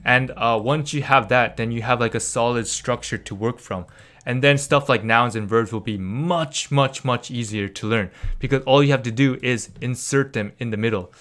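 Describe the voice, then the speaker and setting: A man's voice: mid-range voice, normal speed, fairly bright tone. A young man giving a casual live-streamed language lesson, rambling with lots of fillers and little laughs.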